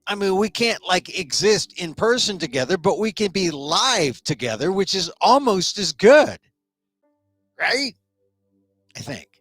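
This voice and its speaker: A man's voice: high-pitched, very animated, measured pace, a bit bright, no echo, faint music behind. A man hosting a live-streamed talk show in a casual, rambling monologue, full of joking asides.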